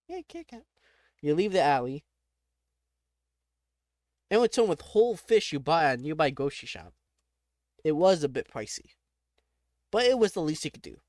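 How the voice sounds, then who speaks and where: A man's voice: a little high, a little mellow, dry recording, studio quality. Young man reading a text game aloud. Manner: reads narration then reacts in quick, joking asides. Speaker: gamer.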